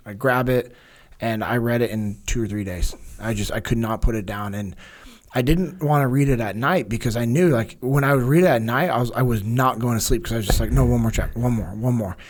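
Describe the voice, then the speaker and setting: A man as a podcast guest, telling a story in an earnest, openly emotional way, rambling with many restarts. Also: medium pitch.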